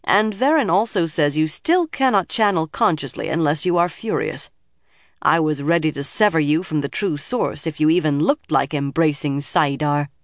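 A woman's voice: deep voice, no room sound. A narrator voicing a stern, commanding older woman leader with a hard, dry manner, in a dry studio audiobook reading.

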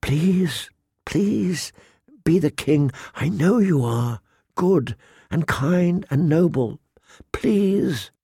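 A naive noble girl pleads with soft earnestness, her voice lifted higher than the storyteller's own as a man reads her part. The reading is slow, unhurried and close, with no room sound at all. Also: expressive, dry recording. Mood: praying.

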